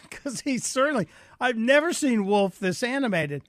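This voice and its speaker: A man's voice: very high-pitched, sing-song, normal speed, dry recording. A man filling in as a radio talk show host, telling joking anecdotes in a chatty monologue from a studio microphone.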